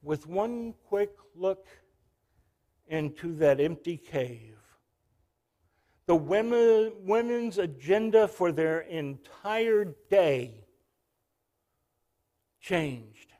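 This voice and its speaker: A man's voice: sits high, expressive, drawn-out words, pauses often, mellow. A male pastor preaching a sermon, telling a story and calling out to the congregation.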